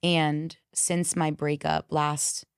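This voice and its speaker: A woman with a low voice tells stories frankly and bluntly, swearing freely as she goes. She speaks as a coach and podcast guest in casual conversation. The sound is close and dry. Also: slow, vocal fry, clear, resonant tone, no room sound. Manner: frank, profane, animated storyteller.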